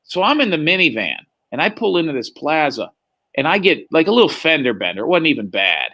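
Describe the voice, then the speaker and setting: A man's voice: on the high side, very animated, fairly quick, pushed and bright. A man telling anecdotes on a live stream chat, laid-back and profane. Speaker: guest.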